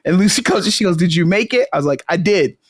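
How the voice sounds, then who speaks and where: A woman's voice: fairly low pitch, quick pace, no echo, clean studio sound. A woman co-hosting a casual chat podcast, telling a story with lots of laughter and acted-out quotes. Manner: animated storyteller, laughs often, acts out quotes. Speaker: podcast co-host.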